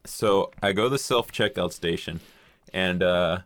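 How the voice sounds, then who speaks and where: Low-voiced young man telling a rambling story. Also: measured pace, a bit bright, no echo. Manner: rambling storyteller, swears casually, acts out quotes. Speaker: podcast co-host telling a story. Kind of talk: casual chat.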